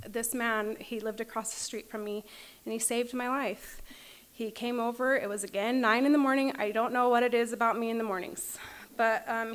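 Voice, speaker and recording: A woman's voice: fairly high pitch, fairly bright tone. A woman telling her recovery story at a meeting, candid and often laughing as she acts out her past self. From Utah. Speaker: AA meeting speaker. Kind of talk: personal recovery talk. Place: meeting room.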